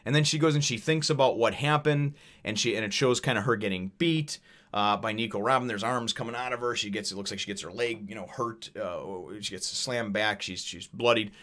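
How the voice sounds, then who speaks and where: A man's voice: lowish voice, brisk, fairly bright tone. A man reviewing a manga chapter in casual, rambling talk, full of fillers, curses and chuckles. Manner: rambling, profane, many fillers and laughs. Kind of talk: casual chat.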